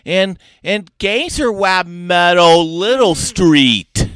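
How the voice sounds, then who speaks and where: A man's voice: high voice, animated, slow pace, fairly bright tone, clear, resonant tone, no room sound. A man hosting a playful homemade radio show, with goofy, repetitive banter.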